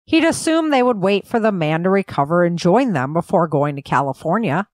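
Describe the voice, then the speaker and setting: Brief: woman author narrating her fiction, measured, dry close sound. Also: fairly low pitch, no room sound. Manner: even, measured reading. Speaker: author and host. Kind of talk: scripted audiobook narration.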